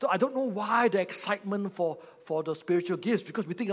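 Guy preaching, high voice, joking around, asks the crowd stuff, long echo in a church hall. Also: fast, few pauses, fairly bright tone. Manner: humorous, teacherly, asks the congregation questions. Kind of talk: sermon.

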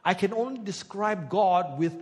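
A man's voice: sits high, expressive, normal speed, darkish tone, long reverb tail. A male pastor giving a conversational sermon, teasing the congregation and breaking into bits of song. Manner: conversational, teasing the congregation, sings snatches of songs.

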